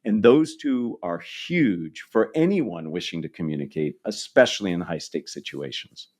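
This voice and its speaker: A man's voice: low voice, animated, normal speed, a little mellow. A man guesting on a podcast interview, explaining communication tips in a coaching tone with small restarts.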